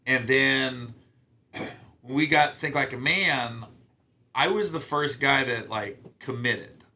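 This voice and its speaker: Give me a bright, punchy middle-aged man spinning loose, profane show-business stories as a podcast guest. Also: mid-range voice, takes it slowly. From Ohio. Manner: animated, profane, acts out quotes. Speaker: guest comedian. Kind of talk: casual storytelling interview.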